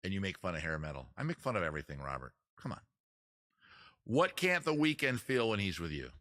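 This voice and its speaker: A man's voice: low voice, big pitch swings, a little fast, a bit bright. A man hosting a casual live-stream trivia quiz, joking around and teasing the players. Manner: joking, teasing, crude asides. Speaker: host running a trivia quiz.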